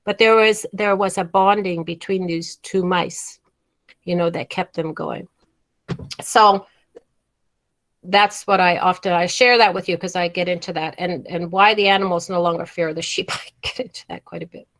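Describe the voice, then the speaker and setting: A woman teaching a storytelling workshop over a video call. She is emphatic, slows down to stress key words and often restarts phrases. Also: fairly low pitch, fairly even intonation, a bit bright.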